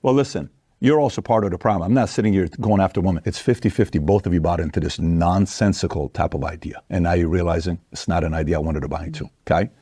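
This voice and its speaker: A man giving an opinionated, forceful monologue with rhetorical questions. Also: deep voice, fast talker, husky, dry recording, clean studio sound. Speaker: commentator.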